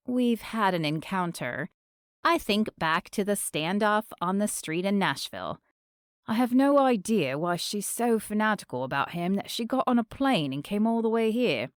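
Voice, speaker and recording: A woman narrating a romance audiobook in the first person, expressive and storytelling. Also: medium pitch, normal speed, no room sound, studio quality.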